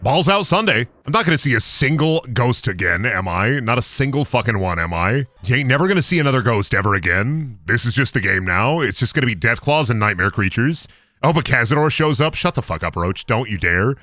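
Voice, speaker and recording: A young man streaming a game, excitable and profane, laughing often. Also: mid-range voice, fairly quick, no room sound, studio quality. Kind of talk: casual gameplay commentary.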